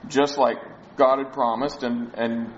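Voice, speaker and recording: A man's voice: mid-range voice, level tone, unhurried, lo-fi sound, a little hiss or hum. A man preaching a sermon, explaining a Bible passage in a conversational way. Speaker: pastor.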